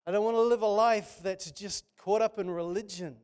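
A man's voice: high-pitched, fairly even intonation, normal speed, darkish tone, clear, resonant tone. A man preaching a sermon, telling stories with passion and frequent restarts. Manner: impassioned, storytelling with many restarts.

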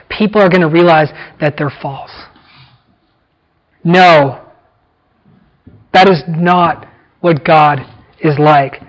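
Guy preaching a bible sermon, kinda high voice, repeats himself and slows way down for emphasis. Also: lo-fi sound. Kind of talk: expository sermon.

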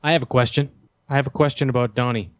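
A man's voice: medium pitch, fairly even intonation, quick pace, no room sound. A man with a mid-range voice hosts a casual podcast, recorded close and dry. He steers the chat and sometimes plays it mock-stern. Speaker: podcast host.

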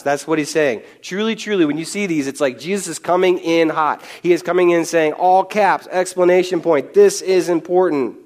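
Animated conversational male preacher. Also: a little high. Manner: animated, casual, with quick asides and chuckles. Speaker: preacher teaching a Bible passage. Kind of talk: conversational sermon.

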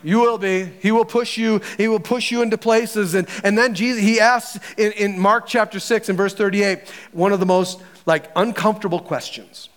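High-voiced animated male preacher. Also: moderate pace, hardly any pauses. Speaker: pastor. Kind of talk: sermon.

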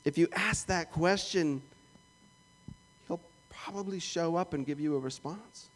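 Joking Canadian preacher, slightly high voice. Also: male voice, measured pace. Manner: conversational and jokey, acting out little prayers and asides. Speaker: pastor. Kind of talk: sermon.

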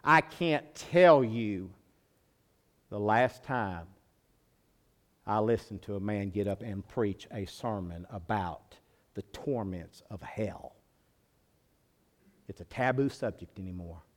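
A male pastor preaching a sermon, moving from quiet low teaching to loud, high-pitched preaching. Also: animated, takes it slowly, long pauses.

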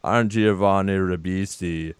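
A man doing a slow, mumbling impression of an actor, lower and quieter than his usual voice. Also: clean tone, dry recording.

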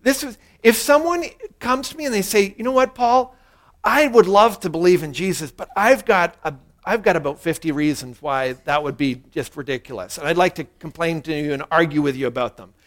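A man's voice: fairly high pitch, a little fast, fairly bright tone. A man preaching a sermon, earnestly walking through a passage and leading the congregation in a spoken prayer. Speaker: pastor.

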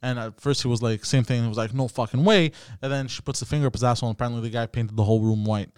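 A man's voice: medium pitch, level tone, very fast, darkish tone, clean tone, no room sound. Young male podcast host, casual storyteller with slangy banter; dry, close recording. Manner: laughing, storytelling with bro slang. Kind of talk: casual chat.

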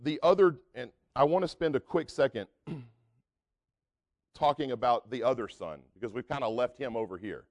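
A man's voice: medium pitch, normal speed. A male preacher delivering a sermon in an easygoing, folksy manner. He talks to the congregation conversationally, leaning on casual fillers as he explains his points. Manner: relaxed, folksy, with frequent fillers.

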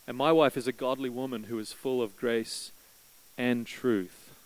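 A pastor delivers a sermon from the pulpit, telling a story casually and warmly in a middle-register voice with a steady tone and measured pace. He lifts his pitch when acting out desperate prayers, and the audio quality is poor.

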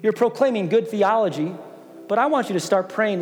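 A man's voice: high-pitched, expressive, a little fast. A middle-aged man preaching a sermon as pastor, earnest, often repeating words as he presses a point. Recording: long hall reverb with soft music behind.

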